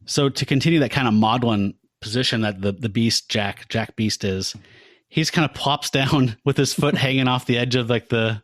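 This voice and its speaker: Man, podcast host, casual, animated retelling, dry close sound, mid voice. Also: medium pitch, normal speed, dry recording. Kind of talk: casual comic book discussion.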